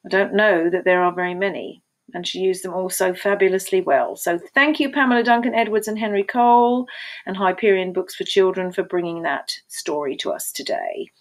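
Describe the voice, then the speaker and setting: A woman reading a children's picture book aloud, expressive and enthusiastic. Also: medium pitch, brisk.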